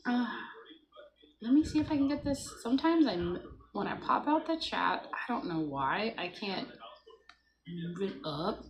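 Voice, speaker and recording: A woman's voice: medium pitch, slight background noise, rough recording. Chatty woman hosting a morning livestream. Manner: chatty and playful, greeting viewers by name. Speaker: livestream host. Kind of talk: casual morning livestream chat.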